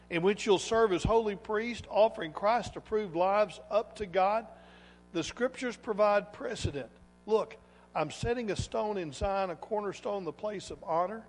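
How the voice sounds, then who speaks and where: A man with a high voice preaches a sermon in a church sanctuary. He pushes hard on some lines and goes soft and quiet on others. The sound carries a long reverberant tail from the hall. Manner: emphatic, swings between loud exhortation and quiet asides. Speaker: pastor.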